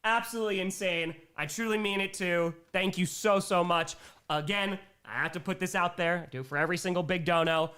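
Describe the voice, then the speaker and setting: A man's voice: high voice, a little fast, pushed and bright. A young man hosting a casual livestream. He rambles, giggles often and thanks his viewers. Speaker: livestream host.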